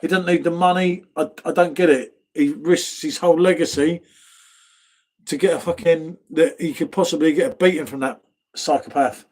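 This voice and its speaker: A man's voice: a little high, fairly even intonation, moderate pace. A middle-aged man with an accent from near London, hosting a casual live stream, chatting and reading out viewer comments. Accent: southern English, from near London. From England. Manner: chatty, laid-back, reads viewer comments, says mate a lot. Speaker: live stream pub host.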